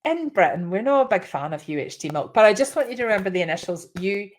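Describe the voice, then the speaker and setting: A Scottish woman in her thirties giving casual side-hustle advice, chatty and animated, acting out the people in her stories. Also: medium pitch, fast talker, slight background noise. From Scotland. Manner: chatty, animated storyteller, acts out quoted voices. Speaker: small business vlogger.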